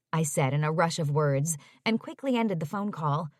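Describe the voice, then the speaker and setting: A woman narrating a first-person romance audiobook in a measured storytelling voice. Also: low voice, lively intonation, no room sound, clean studio sound.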